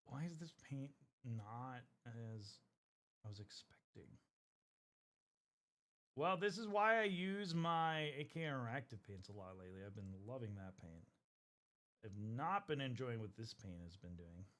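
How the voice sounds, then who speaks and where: A man's voice: mid-range voice, very animated, a little slow, a bit bright. Casual, swearing man chatting on stream. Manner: swears a lot, rambling and chatty. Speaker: streamer painting miniatures. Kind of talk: casual live-stream chat.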